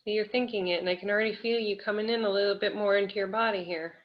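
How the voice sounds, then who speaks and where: A woman energy healer guiding a listener gently, with a coaxing, hesitant way of talking. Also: medium pitch, fairly even intonation, fast talker. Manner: gentle, coaxing, many fillers and laughs. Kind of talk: live energy healing session. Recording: dull lo-fi audio.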